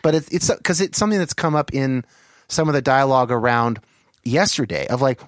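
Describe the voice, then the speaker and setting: A man hosting a relaxed talk, careful and self-qualifying, stopping often to rephrase with "like" and "you know." His pitch sits in the middle range. The sound is dry and close. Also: a little fast, dry recording. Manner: thoughtful, qualifying, frequent fillers. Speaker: podcast host. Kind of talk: casual conversation.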